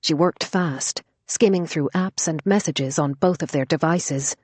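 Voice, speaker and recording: A woman narrating an audiobook thriller in a brisk, lively storytelling manner. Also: low-pitched, slightly rough, no room sound.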